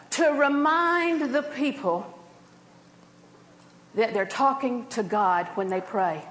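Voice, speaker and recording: Older woman preacher, fairly high voice, lively and chatty delivery, echoey hall sound. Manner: lively, laughing, storytelling preacher. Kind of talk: sermon.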